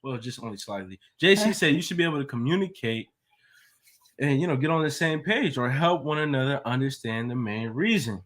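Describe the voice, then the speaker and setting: A man's voice: mid-range voice, animated, brisk, fairly bright tone. A man co-hosting a live advice stream, reading viewer comments aloud in a laid-back, casual way.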